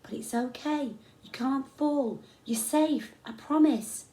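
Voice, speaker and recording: A woman reading the part of a calm, encouraging male climbing instructor, coaxing and reassuring, from a storybook. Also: sits high, takes it slowly, voice pushed up. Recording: echoey room.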